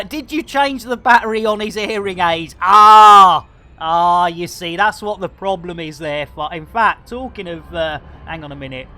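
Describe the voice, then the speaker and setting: A woman's voice: medium pitch, dry recording. A woman streaming a game live, joking and calling out greetings to viewers. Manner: jokey, theatrical, shouts greetings.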